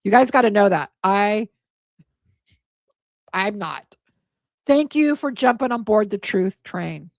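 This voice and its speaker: A tired, hoarse woman hosting a casual livestream, thanking her viewers and getting emotional, and stumbling over names. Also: medium pitch, animated, slow pace, long pauses, dry recording, studio quality. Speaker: livestream host.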